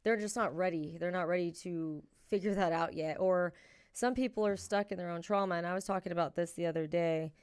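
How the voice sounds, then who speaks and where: Female podcast co-host, young adult, low-ish and smooth, animated storyteller. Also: brisk. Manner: animated storyteller who acts out quoted voices. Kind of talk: casual chat and storytelling.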